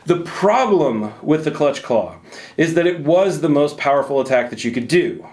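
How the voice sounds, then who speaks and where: Jokey rambling male host, higher voice. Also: animated, normal speed, a little mellow. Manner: jokey, rambling, self-deprecating banter. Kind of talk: casual chat about a video game.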